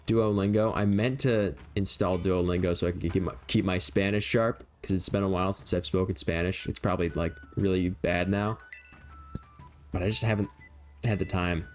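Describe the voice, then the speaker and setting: A man's voice: sits low, steady tone, moderate pace, soft background music. A young man streaming a video game, rambling and joking in a casual running commentary and laughing easily.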